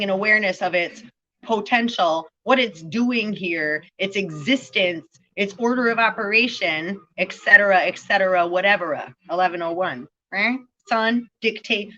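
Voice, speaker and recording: A woman's voice: medium pitch, measured pace, pushed and bright, muffled recording. A woman vlogging a rambling spiritual monologue, profane and full of free-associating word play.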